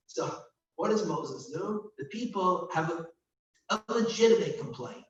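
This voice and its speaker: A man's voice: sits high, expressive, measured pace. Man preaching in an echoey hall. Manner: conversational teacher, asks the listeners questions; reads scripture aloud dramatically. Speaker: rabbi and cantor leading a service. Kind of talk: informal sermon with scripture reading. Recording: distant mic in echoey room, dull sound, faint hum.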